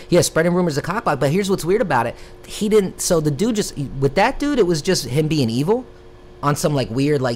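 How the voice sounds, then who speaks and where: A young man from Florida, a rapper hosting a live stream, telling stories in casual chat with a lively, profane delivery. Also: medium pitch, a little hiss or hum. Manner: animated, profane, drawn-out "bro" asides.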